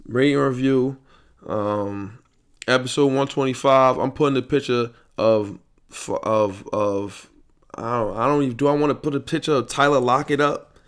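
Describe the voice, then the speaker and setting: A man's voice: mid-range voice, fairly bright tone. A young man hosts his own podcast and rants about a loss. He talks in a heated, profane, repetitive way, circling back to the same complaints over and over. His voice sits in a middle range for a man. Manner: angry, profane, repetitive ranting. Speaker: podcast host. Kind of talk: solo podcast rant. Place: home podcast setup, late at night. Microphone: headphones and studio mic.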